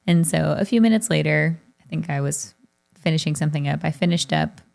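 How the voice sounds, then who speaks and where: A woman's voice: low voice, fairly quick, vocal fry, a little mellow. A woman in her thirties co-hosting a parenting talk show, telling a family story in a chatty way with frequent laughs. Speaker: podcast co-host. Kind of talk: casual chat.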